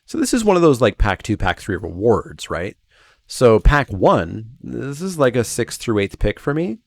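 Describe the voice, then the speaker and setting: A man's voice: mid-range voice, very animated, moderate pace, vocal fry, no echo. A man hosting a channel, reading game card text aloud and then musing over each one with hedging asides in casual review commentary.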